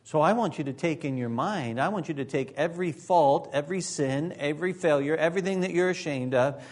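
A male pastor delivering a sermon in a fairly high voice. He speaks earnestly and with emphasis and drops in a joking aside now and then. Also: fairly quick.

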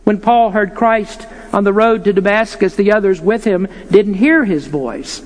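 A man with a high voice preaches a little slowly, delivering an earnest, emphatic sermon full of rhetorical questions for his listeners. The recording carries long hall reverb.

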